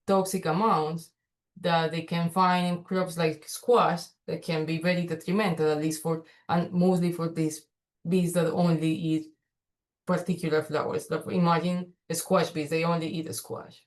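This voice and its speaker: Low-voiced woman giving an online talk. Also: flat delivery, unhurried. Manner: hesitant, many fillers and restarts. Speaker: guest speaker, pollinator researcher. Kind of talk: virtual workshop presentation. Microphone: video call.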